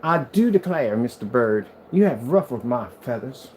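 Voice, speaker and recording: A man voicing a prim, indignant hater with a put-on Southern US accent, speaking in a genteel, drawn-out, theatrical way. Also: mid-range voice, very animated, darkish tone, slight background noise, lightly acted.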